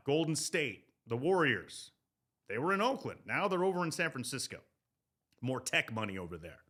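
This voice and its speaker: Animated, profane male podcast host. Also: medium pitch. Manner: loud, profane, animated riffing. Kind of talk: comedic sports rant.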